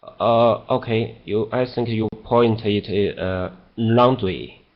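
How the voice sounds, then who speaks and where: Hesitant man student, slow speech. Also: fairly low pitch, lo-fi sound. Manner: hesitant, many fillers. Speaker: language student. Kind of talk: answering in class.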